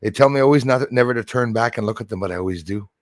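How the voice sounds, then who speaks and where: A man's voice: mid-range voice, racing, no room sound, studio quality. A man hosting a casual live stream, greeting viewers by name and rambling with jokey asides. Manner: rambling with many fillers and restarts.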